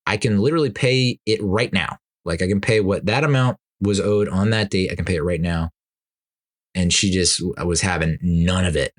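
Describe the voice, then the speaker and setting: Low-voiced man, rambling podcast host. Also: normal speed. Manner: rambling, laughs between sentences, exasperated asides. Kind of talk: casual solo podcast chat.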